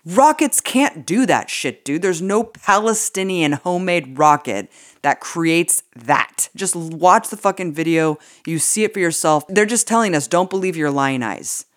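A woman's voice: fairly low pitch, expressive, measured pace, no echo, studio quality. A woman co-hosting a political podcast, talking casually and indignantly, swearing freely and using many "like" fillers. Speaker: podcast co-host.

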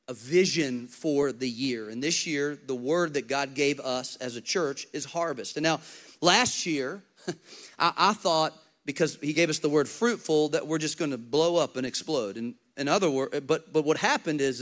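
A male pastor preaching an energetic, humorous sermon, telling Bible stories and swinging from loud, high calls to hushed, intimate stretches.

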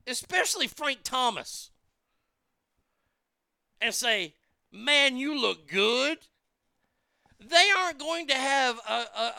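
A man's voice: very high voice, vocal fry, pushed and bright, clear, resonant tone, no room sound. A man delivering a profane, mocking comedic rant, stumbling over restarts as he tells the story.

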